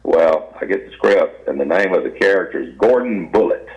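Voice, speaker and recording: Older man, Southern US accent, very deep voice, folksy storyteller, dull lo-fi audio. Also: expressive, normal speed, darkish tone. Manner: folksy, rambling anecdotes. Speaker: guest actor. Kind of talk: storytelling interview.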